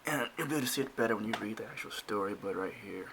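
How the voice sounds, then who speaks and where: A man's voice: fairly low pitch, animated, racing, a bit bright, slight background noise. A man casually walking through pages of his own comic, rambling with many restarts and fillers. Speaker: comic creator.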